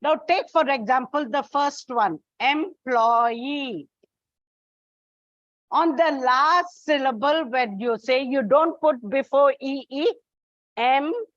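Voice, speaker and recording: A woman teaches an English exam coaching lesson at a slow, deliberate pace. She spells out letters and repeats the key points. The sound is dry and a little dull and lo-fi. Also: sits high, no echo.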